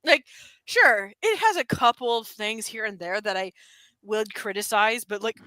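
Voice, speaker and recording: A streamer hosts a laid-back casual chat, her higher, sharply bright voice breaking into laughs and excited rants at a moderate pace. The low-quality audio is dry and close, with no room sound.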